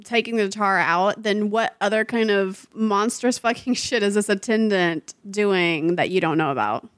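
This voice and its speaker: A woman's voice: medium pitch, no echo. Chatty woman co-host, dry close sound. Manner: agreeable, chatty, quick to react. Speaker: podcast co-host. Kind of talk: casual chat.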